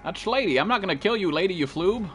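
A man's voice: sits high, lively intonation, fast, a bit bright, soft background music. A man live-streaming a game, chatting casually and profanely with viewers and greeting them by name.

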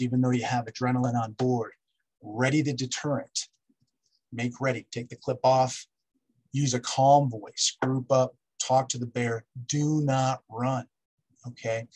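A man's voice: medium pitch, breathy edge, rough recording. A man giving a public wildlife safety lecture, instructive and repetitive, checking in with "okay?" as he lists steps. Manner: instructive, repeats key steps, asks "okay?".

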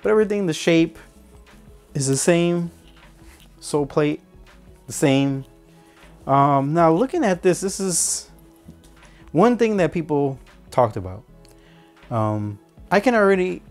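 A man's voice: mid-range voice, a little mellow. A man casually reviewing and unboxing football boots, rambling with many fillers and restarts. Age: adult. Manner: rambling, self-correcting, hesitant fillers.

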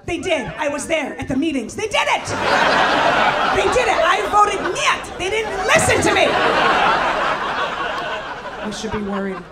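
A middle-aged woman from the former Soviet Union doing a stand-up set, brash and shouting her punchlines with mock-gentle asides. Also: very high-pitched, big pitch swings, normal speed, pauses often. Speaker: stand-up comedian. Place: comedy venue with live audience. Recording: loud crowd and room noise. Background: audience laughter.

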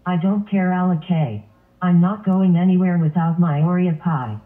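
A man's voice: high voice, moderate pace, lightly acted. Man voicing a bratty whiny lion. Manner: whiny, repetitive demands. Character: bratty demanding male lion. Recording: tinny phone-like sound.

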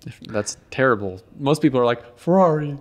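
Man, podcast guest, casual chat, mid pitch, hedging, repeats words. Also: brisk. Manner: thoughtful, hedging, repeats words while explaining.

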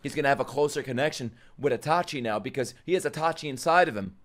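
A man reacting to an anime episode live, excitable and swearing a lot as he talks back at the screen. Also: medium pitch, fast talker.

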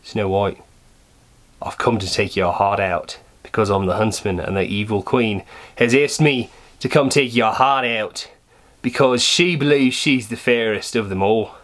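A young man putting on a deliberately bad Australian accent to play a lovesick male huntsman hero in a home video skit. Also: on the low side, a bit bright. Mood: earnest. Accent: put-on Australian, deliberately bad.

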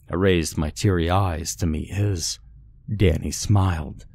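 A man giving a scripted horror story narration in a measured, grave storytelling manner. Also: low-pitched, lively intonation, vocal fry, darkish tone.

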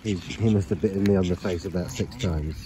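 A man's voice: deep voice, a little fast. A man feeding swans at a lakeside, talking casually to the birds by name in a chatty, coaxing way. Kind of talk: casual talk to birds on camera. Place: outdoors at a lakeside. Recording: outdoor noise behind the voice. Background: outdoor ambience with ducks and swans.

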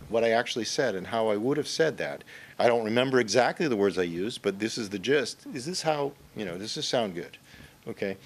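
A man's voice: mid-range voice, a bit bright, slight background noise. A man giving a conversational workshop talk on writing at a conference, often checking in with the audience. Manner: conversational, often ends points with "okay?". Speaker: conference speaker. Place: conference room.

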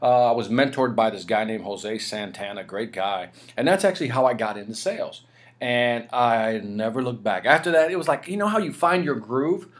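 Man, forties, interview guest, animated storytelling, lively pitch, keeps checking in with the listener. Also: normal speed. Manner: animated, energetic storyteller peppering "right?" and "you know". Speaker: interview guest, sales speaker.

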